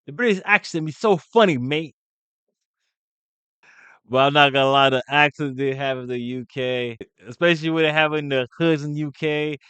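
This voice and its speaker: A man talking through clips in a blunt, emphatic, slangy way. His slightly high voice comes through smooth and clear, recorded close in a dry space. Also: normal speed, fairly bright tone, no echo. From United States. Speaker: reaction video creator. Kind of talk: casual reaction commentary.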